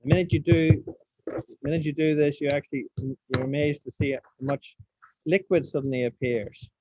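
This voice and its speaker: A man's voice: on the high side, steady tone, normal speed, a little mellow, slight background noise. A man teaching a science practical over a video call, casual, asking the class questions as he demonstrates. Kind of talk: online science lesson. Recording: dull lo-fi sound, dry.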